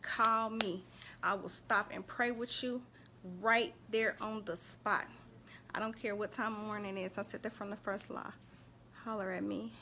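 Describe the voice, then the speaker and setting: A chatty woman, talking casually to her live-stream viewers. Her voice sits at a middle pitch, lively and warm in tone. A faint hum of background noise sits behind her. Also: normal speed. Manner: animated, chatty, shouts out viewers and laughs often. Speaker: host of a faith and relationship live stream.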